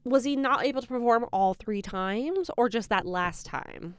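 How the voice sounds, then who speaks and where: A woman's voice: on the high side, animated, normal speed, clear, resonant tone, dry recording. Sassy joking woman co-host. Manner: sassy joking reactions with laughs. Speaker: podcast co-host reacting. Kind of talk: casual true crime chat.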